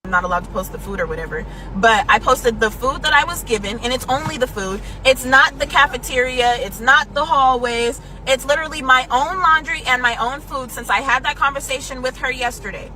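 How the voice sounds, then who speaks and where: A woman's voice: high voice, fairly quick, few pauses, pushed and bright, rough recording. A woman venting to camera in an exasperated, explaining tone. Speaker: content creator in a clip.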